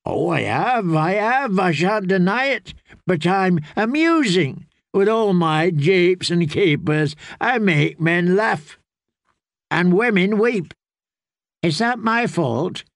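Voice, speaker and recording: A man's voice: high voice, expressive, slow pace, vocal fry, no room sound, studio quality, voice pushed up, full character voice. A man putting on a wheedling jester outlaw. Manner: pleading, joking, sing-song. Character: wheedling male jester outlaw, mocking and cowardly. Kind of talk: audiobook character voice.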